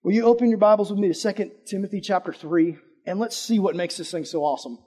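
A man's voice: high-pitched, quick pace. A man preaching a casual sermon, chatty and conversational, asking the audience questions and telling a personal story. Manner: lively, swings between loud emphasis and hushed asides.

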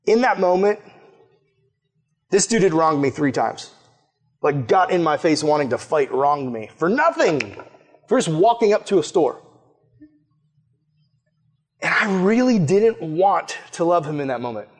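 A man preaching a sermon through a personal story, talking casually with lots of fillers and animated retellings. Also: on the high side, unhurried, pauses often.

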